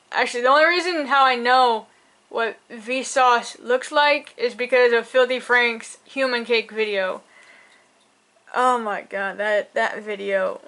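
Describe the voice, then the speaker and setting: A woman's voice: fairly high pitch, bright, forceful tone. A young woman hosting a reaction video, rambling with lots of fillers, hiccuping and up late at night. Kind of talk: casual reaction commentary.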